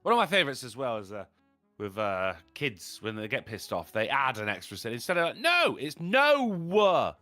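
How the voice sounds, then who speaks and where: Animated, bright-voiced man telling stories. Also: lowish voice, fast talker, dry recording, faint music behind. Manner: animated, laughing storyteller. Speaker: podcast co-host. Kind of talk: casual podcast chat.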